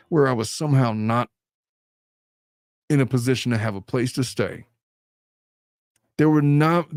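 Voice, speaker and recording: A man's voice: mid-range voice, a little mellow, no room sound, studio quality. A man hosting a casual podcast chat, talking bluntly and animatedly and swearing freely. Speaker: host.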